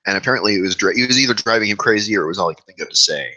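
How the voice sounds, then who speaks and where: A man's voice: lowish voice, expressive, rapid-fire, pushed and bright, rough recording. A man hosting his own vlog, talking candidly and at length about his fears into his own camera. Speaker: vlog host. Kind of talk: confessional vlog monologue. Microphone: own camera mic, self-recorded.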